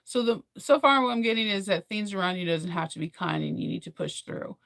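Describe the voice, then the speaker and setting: A young woman in casual chat, rambling and animated as she recaps a film, full of fillers and laughs. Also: lowish voice, fairly quick, vocal fry, no room sound, clean studio sound. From United States.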